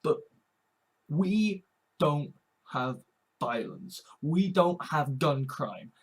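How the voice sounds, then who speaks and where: A man from Britain, talking earnestly in a halting personal monologue, repeating words and swearing often. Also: a little high, expressive, breathy edge, rough recording. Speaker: vlogger. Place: home.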